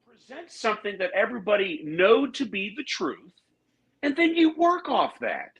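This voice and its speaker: A man co-hosting a wrestling podcast in casual chat, joking and incredulous in an animated way. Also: high voice, normal speed, low-quality recording. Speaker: podcast co-host.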